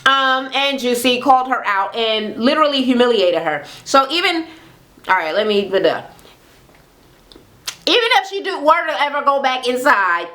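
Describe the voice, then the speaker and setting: High, bright-voiced woman ranting. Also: normal speed. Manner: animated, heavy swearing, acts out quotes. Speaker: reality TV recap vlogger. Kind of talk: casual rant recapping a reality show. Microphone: camera mic with ring light setup.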